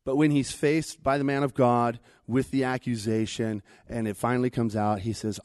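A man preaching a sermon in a conversational way, swinging between loud emphatic lines and hushed ones as he retells a scripture story. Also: medium pitch, level tone, moderate pace, few pauses, dry recording, clean studio sound.

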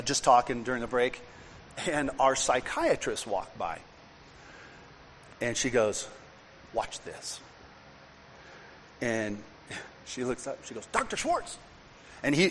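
A pastor preaching a sermon, telling a personal story in a conversational way and building to emphatic, repeated points. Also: male voice, medium pitch, a bit bright, a little hiss or hum. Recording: long reverb and faint room ambience.

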